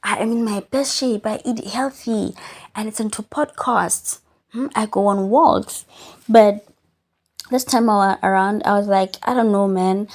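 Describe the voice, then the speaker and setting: A woman's voice: medium pitch, measured pace. A young woman hosts her own podcast, talking casually and candidly from her bed while chewing gum. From South Africa. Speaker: podcast host. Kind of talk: casual reflective monologue. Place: lying on a bed at home.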